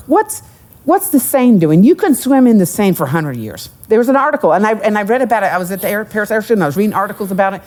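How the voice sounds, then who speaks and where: A middle-aged woman, an economic development executive, telling stories as a guest on a live podcast, with asides and jokes. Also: mid-range voice. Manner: animated storyteller, jokes and asides. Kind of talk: live podcast interview with audience.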